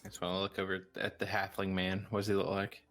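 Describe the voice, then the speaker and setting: Deep, deadpan male player. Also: quick pace, soft background music. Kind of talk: playing a tabletop game.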